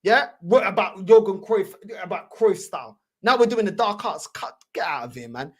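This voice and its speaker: A woman's voice: mid-range voice, expressive, normal speed. A woman hosting a fan channel, ranting heatedly in slangy, repetitive reaction commentary.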